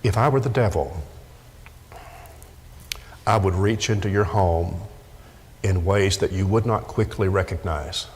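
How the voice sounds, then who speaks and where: A man's voice: low voice, measured pace, pauses often. A middle-aged man preaching a sermon emphatically, often repeating words as he presses a point. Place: church sanctuary. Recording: echoey church hall.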